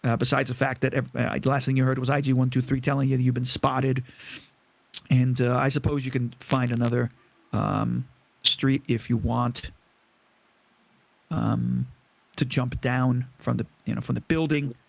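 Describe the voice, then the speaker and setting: Gravelly-voiced man narrating a game. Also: medium pitch, little pitch movement, normal speed, dry recording. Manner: rambling, many fillers. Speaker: game master.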